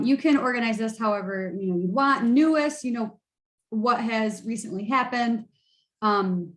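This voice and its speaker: A woman's voice: mid-range voice, echoey room, poor audio. A woman, a college instructor, giving a tired, casual screen-share lecture full of fillers and restarts. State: tired, yawning.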